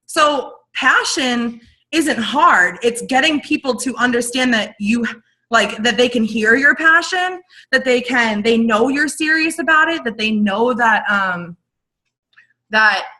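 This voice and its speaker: Young woman, upbeat team coach, bright high-ish voice, rambling, fast restarts, video call. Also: rough recording. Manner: energetic, animated, rambling with restarts. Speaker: network marketing team leader.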